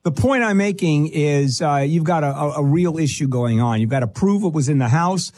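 Blunt, impatient man with a husky voice. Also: on the high side, animated, brisk, a little mellow. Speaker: legal advice radio host. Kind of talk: call-in radio advice.

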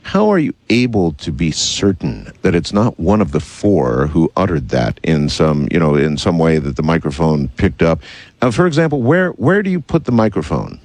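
A man's voice: low-pitched, big pitch swings, moderate pace, darkish tone, no room sound. A man hosting a radio interview, asking wry, skeptical questions with many hesitations. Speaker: radio host.

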